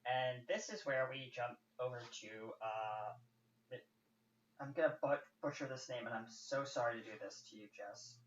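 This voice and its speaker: A man's voice: mid-range voice, normal speed, distant mic. Casual, rambling man running a tabletop game. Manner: casual, rambling, many fillers. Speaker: game master. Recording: roomy, dull, faint hiss.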